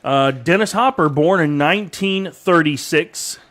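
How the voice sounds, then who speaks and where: A man's voice: on the high side, unhurried, a bit bright. Chuckling man reading dates on radio. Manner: reads date facts with chuckles. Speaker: radio show host. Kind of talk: casual on-air chat. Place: radio studio streamed live.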